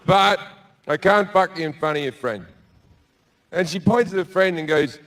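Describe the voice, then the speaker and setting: A middle-aged male stand-up comic with a fairly high voice, telling a raunchy story in a blunt, swear-heavy way. He speaks into a handheld mic on a live club stage, with faint ambience behind him. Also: animated, normal speed, a bit bright, a little hiss or hum. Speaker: stand-up comedian. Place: comedy club stage before a live audience.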